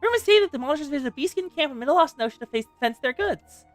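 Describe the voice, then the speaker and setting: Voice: high-pitched, expressive, rapid-fire, faint music behind, voice pushed up. A streamer voicing a formal, gossipy clerk briefing an adventurer. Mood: informative.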